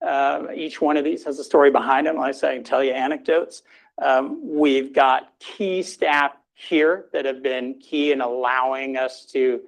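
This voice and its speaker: The recording is poor, capturing a middle-aged man whose voice sits on the high side as he delivers a hospital grand rounds lecture with Q&A. Speaking informally in the lecture room, he restarts often and leans on fillers.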